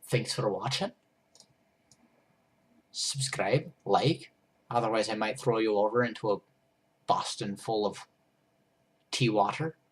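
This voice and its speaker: A man's voice: fairly low pitch, takes it slowly, long pauses, husky. A man narrating a goofy first-person story while he draws, rambling and breaking off to fix his drawing. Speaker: storyteller and drawer.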